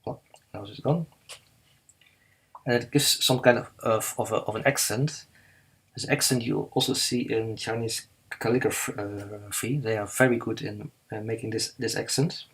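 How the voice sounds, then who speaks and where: Halting, husky-voiced man teaching drawing. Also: on the low side, steady tone, fairly bright tone, poor audio. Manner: halting, many fillers and restarts, slow and careful. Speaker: artist teaching live drawing. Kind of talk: live drawing demonstration.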